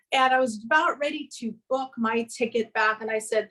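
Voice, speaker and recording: A woman's voice: sits high, a little fast, hardly any pauses, a bit bright, rough recording. A woman from the American South telling a long personal story in a casual interview over a video call from her home music studio. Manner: earnest, rambling anecdote with quoted dialogue. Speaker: guest actress and filmmaker.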